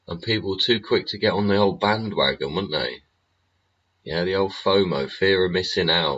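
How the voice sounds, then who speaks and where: A man's voice: sits low, expressive, normal speed, a bit bright, husky. A middle-aged man hosting a livestream, rambling and swearing through a profane monologue full of tag questions. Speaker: livestream host. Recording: muffled lo-fi stream audio.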